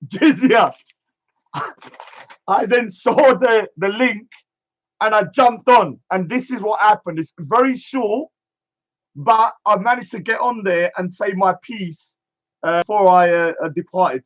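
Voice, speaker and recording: High-voiced man ranting scornfully. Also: a little slow, fairly bright tone, muffled recording. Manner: emphatic and scornful, repeating a catchphrase. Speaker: streamer. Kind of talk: ranting monologue.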